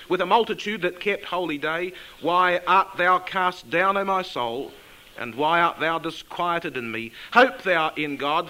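A man leading a Bible class, asking his listeners questions and reading scripture aloud slowly and with emphasis. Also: high voice, sharp tone, low-quality recording. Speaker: Bible teacher.

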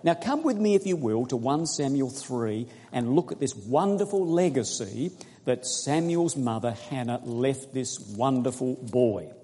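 Preaching in a large, echoing hall, a man with a mellow, somewhat husky mid-range voice and lively intonation reads scripture with slow earnestness. He breaks off to question his congregation, and a long reverb lingers after each phrase.

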